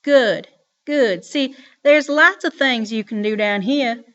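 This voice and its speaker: A woman voicing a loud bossy old Southern granny. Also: a little high, takes it slowly, lo-fi sound. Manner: shouting, bossy. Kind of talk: audiobook character reading.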